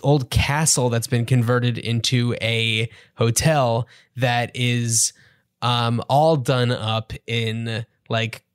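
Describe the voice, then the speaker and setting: Man, podcast co-host, casual chat, thirties, mid pitch, dry recording. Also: fairly even intonation, slow pace, clean tone, no room sound. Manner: chatty, summarizing with frequent fillers.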